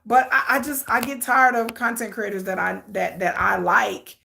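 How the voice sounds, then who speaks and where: A sassy woman talks through a live watch-along from her home setup, laughing often and full of attitude. Her voice sits a little high and rings bright and sharp. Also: little pitch movement, moderate pace, creaky, slight background noise. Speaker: content creator hosting a live watch-along. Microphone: desk setup with ring light.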